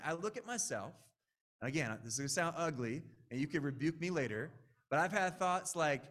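A man's voice: on the high side, a bit bright. A man in his late twenties preaching a sermon in a conversational, earnest way, with frequent asides to the audience. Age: 20s.

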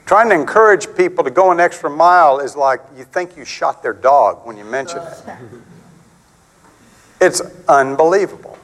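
A middle-aged man preaching with a high, lively voice that leaps up and down in pitch. He talks to the congregation like friends, acting out the people in his stories as he goes. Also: moderate pace, low-quality recording. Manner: animated, conversational, acts out quotes with big pitch swings. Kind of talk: sermon.

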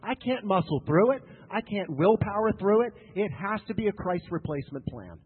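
A man's voice: sits high, breathy edge. A man preaching a sermon to a congregation, emphatic and repetitive, with joking asides. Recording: tinny lo-fi sound with long hall reverb.

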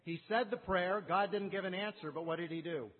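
A man's voice: high voice, brisk. A man preaching a sermon, firing off rhetorical questions and acting out the quotes himself. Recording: phone-like sound with long reverb.

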